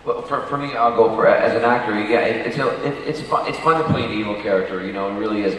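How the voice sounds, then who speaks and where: A man's voice: fairly low pitch, quick pace, a bit bright. A man who is an actor telling rambling anecdotes with many fillers on a convention panel. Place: large convention hall. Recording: echoey hall from far off.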